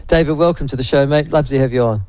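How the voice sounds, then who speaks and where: Blunt, rambling New talk radio host. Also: male voice, mid-range voice, rapid-fire, a little mellow, clear, resonant tone, no echo, poor audio. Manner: blunt and rambling, many fillers and asides. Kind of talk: opinionated talk radio monologue.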